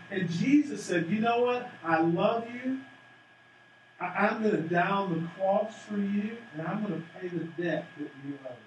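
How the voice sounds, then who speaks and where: A man preaches a sermon, his voice pitched high and lively as he acts out each character. He is heard from a distance across a strongly echoing sanctuary, with a faint hum of room noise underneath. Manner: animated, acts out the parable's voices. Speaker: pastor. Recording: echoey room from far off.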